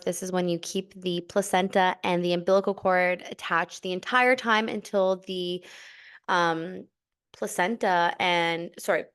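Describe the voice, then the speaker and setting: A young woman hosting a podcast, telling a personal story in a casual, chatty way with lots of fillers and bursts of excited emphasis. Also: lowish voice, smooth. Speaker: podcast host.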